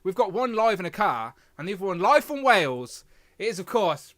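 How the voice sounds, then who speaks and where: A man's voice: sits high, very animated, a little fast, fairly bright tone, no room sound, clean studio sound. A British man hosting a casual live stream, chatty and self-deprecating, rambling as he talks. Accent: British English. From Britain. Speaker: livestream host.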